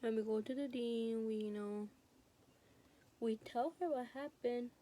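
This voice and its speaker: A woman's voice: a little high, measured pace, dark tone. A teenage girl vlogger telling a school story in casual storytime chat, rambling with lots of fillers, recorded on a phone. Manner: rambling, heavy use of fillers like "like" and "you know". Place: home, recording while doing nails.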